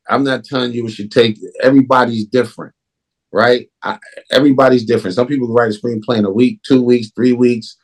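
A man who directs films, talking in a casual interview in an emphatic, animated way. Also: medium pitch. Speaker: film director.

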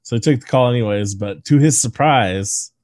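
A man's voice: mid-range voice, moderate pace, a little mellow, no room sound. A man co-hosting a casual movie-review podcast, sharing trivia with profanity and frequent laughter. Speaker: podcast co-host.

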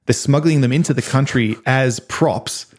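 A man casually chatting on a podcast, retelling movie scenes and acting out the quotes. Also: moderate pace. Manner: animated storyteller, acts out quotes in high voices. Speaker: podcast co-host. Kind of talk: casual chat.

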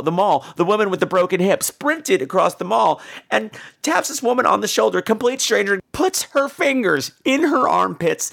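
A woman calling in to a podcast and telling a rambling story, jumping into high impressions. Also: vocal fry. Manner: animated, jumps into high-pitched impressions. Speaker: caller.

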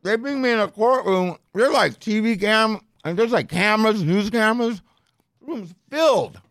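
A man casually telling a story on a podcast, profane and animated, heavy with street slang. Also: sits high, normal speed, dry recording, clean studio sound. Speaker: storyteller guest.

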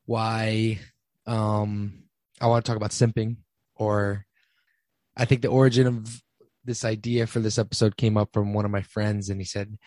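A man's voice: lowish voice, level tone, moderate pace, darkish tone, dry recording. A young man in his twenties hosting a casual solo podcast, talking with many ums and restarts. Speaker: podcast host.

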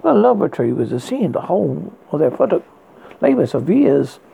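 Gravelly man reading a ghost story. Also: a little high, sing-song, warm tone, poor audio. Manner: halting, with stumbles and restarts. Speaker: story reader.

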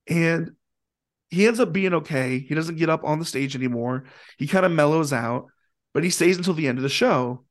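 A man telling a long story in a casual, animated way, with plenty of fillers and acted-out quotes. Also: a little high, brisk. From Indianapolis area, USA. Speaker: guest musician.

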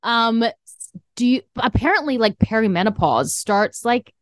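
A woman's voice: on the high side, lively intonation, measured pace, no echo, studio quality. A woman in her late thirties co-hosting a podcast, chatting casually and teasing with frequent laughs. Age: late 30s. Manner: joking, teasing, laughs often. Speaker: podcast co-host. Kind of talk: casual chat.

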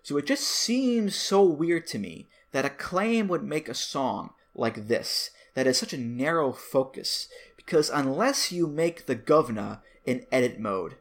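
Animated man hosting a commentary video. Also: medium pitch. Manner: animated, playful, wry asides. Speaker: host.

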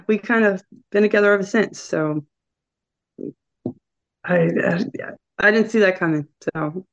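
A woman guest with a regional American accent telling a story in casual chat, laughing and acting out quotes. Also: medium pitch. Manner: chatty, laughing, quotes people in lively voices. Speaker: podcast guest. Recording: dull lo-fi sound.

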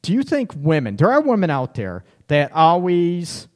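Male live-show host, playful teaser, slightly high voice, echo-heavy room. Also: huge pitch swings, moderate pace. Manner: teasing, laughs often, reads out chat comments. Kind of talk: casual live-stream chat. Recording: echoey room with long reverb.

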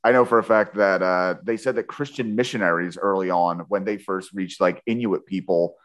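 A man's voice: low voice, steady tone, moderate pace. A man hosting a podcast, chatting casually about a book with a guest in a rambling, jokey way. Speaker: podcast host. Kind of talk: casual book-club chat.

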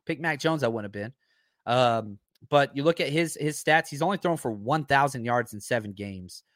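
A man's voice: mid-range voice, fairly bright tone, dry recording, clean studio sound. A man hosting a football live stream in a casual, chatty way, full of fillers and restarts as he runs through stats.

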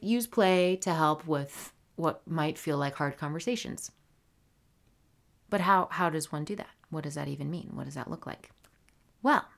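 A woman with a low, deep-set voice hosting a solo podcast in casual talk. She is animated and playful and drops into soft, whispery asides. She often slips into silly voices. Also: creaky. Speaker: podcast host.

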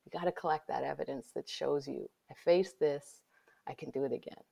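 A woman guest, an author, telling a personal story in conversation, lively and dropping to whispers for her inner thoughts. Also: deep voice, a little fast, creaky.

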